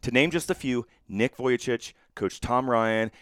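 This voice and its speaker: A middle-aged man co-hosting a podcast, telling family stories in an animated way and laughing often. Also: medium pitch, moderate pace, clean tone, dry recording, studio quality. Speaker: podcast co-host. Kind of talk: casual family chat.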